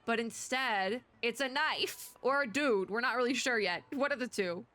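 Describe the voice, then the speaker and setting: A young woman VTuber doing let's play commentary, excitable, gushing and giggly, recorded at a home setup on a desk microphone. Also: on the high side, normal speed. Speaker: VTuber gamer.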